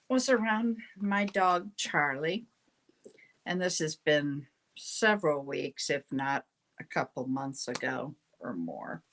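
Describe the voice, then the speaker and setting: A woman's voice: deep voice, fairly bright tone. An older woman hosting a casual live tarot reading, chatty and rambling, often breaking off mid-sentence. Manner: chatty, rambling, self-interrupting. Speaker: tarot reader, show host.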